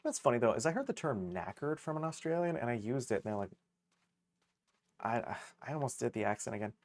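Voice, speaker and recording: A man's voice: mid-range voice, sing-song, fairly quick. A man streaming a game live, chatting casually in a rambling, self-mocking way and swearing freely. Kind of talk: casual gaming livestream chatter.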